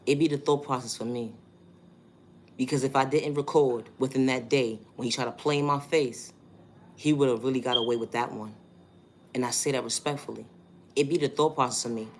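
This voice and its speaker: A man's voice: mid-range voice, fairly even intonation, fairly quick, a little hiss or hum. A man with a New York accent, talking through a monologue vlog in an emphatic, repetitive way and asking rhetorical questions.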